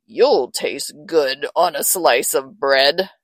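A woman voicing a big, hungry storybook monster in a lowered, drawn-out voice. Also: dry recording. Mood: menacing.

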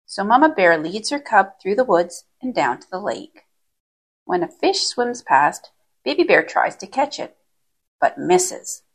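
A woman reads a children's story aloud at a medium pitch, her voice lifting and dipping expressively. She sounds gentle and clearly paced for young listeners. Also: big pitch swings, unhurried.

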